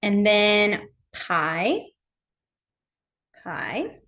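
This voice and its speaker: A woman's voice: mid-range voice, sing-song, drawn-out words, fairly bright tone. A young woman teaching a beginners' class in a casual, chatty way, full of fillers like "um" and "like". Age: young adult. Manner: chatty, uses many fillers like "like" and "um". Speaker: sign language teacher. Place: library classroom.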